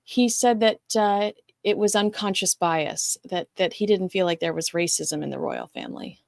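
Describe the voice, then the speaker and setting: A woman's voice: on the low side, moderate pace, vocal fry, a little mellow, no echo. Chatty woman host, dry sound. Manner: chatty, rambling, reacts to viewer comments. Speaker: show host reading live chat. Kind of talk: casual livestream chat.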